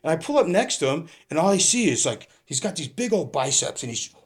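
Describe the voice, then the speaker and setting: A middle-aged man from California, a retired police captain, telling animated stories as a podcast guest and laughing often. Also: on the high side, a little fast, husky. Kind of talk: casual storytelling.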